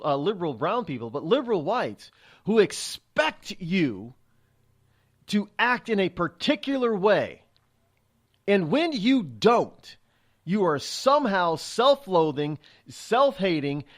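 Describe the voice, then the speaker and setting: A middle-aged man hosting a talk show, delivering an opinionated, sarcastic monologue and acting out the voices of others. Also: high voice. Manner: animated, sarcastic, acts out quoted voices. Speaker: radio talk show host.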